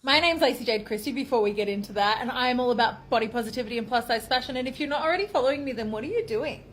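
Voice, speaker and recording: A woman's voice: on the high side, rapid-fire. A woman making a social media video, encouraging viewers directly in an upbeat way. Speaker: body positivity influencer.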